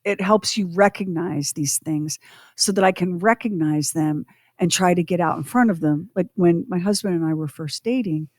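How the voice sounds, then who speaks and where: A woman's voice: on the low side, normal speed, darkish tone, dry recording, studio quality. A middle-aged woman co-hosting a podcast, telling a personal story in an earnest, reflective way. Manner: earnest, reflective, speaking openly about her past. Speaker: podcast co-host.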